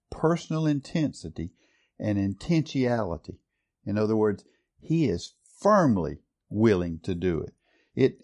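A man's voice: fairly low pitch, creaky, dark tone. A man preaching a sermon earnestly, building to strong stress on key words. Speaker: pastor.

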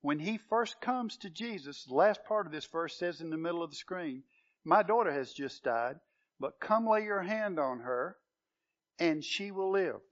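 A man's voice: a little high, expressive, normal speed. A man preaching a sermon to a congregation, earnest and questioning, building to emphatic proclamation. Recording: dull lo-fi sound.

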